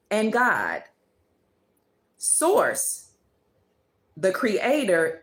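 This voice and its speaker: A woman's voice: lowish voice, a bit bright. Emphatic woman preaching in a roomy space. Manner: emphatic, declarative, preachy repetition. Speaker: channel host. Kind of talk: spiritual monologue. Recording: roomy echo.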